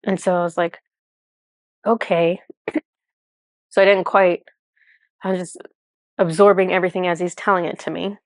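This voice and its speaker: A woman's voice: on the low side, steady tone, normal speed, long pauses, dry recording, studio quality. A woman with two small children tells viewers a personal spiritual experience in a casual, rambling way, full of "like" and self-corrections. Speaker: spiritual channeler telling a personal story.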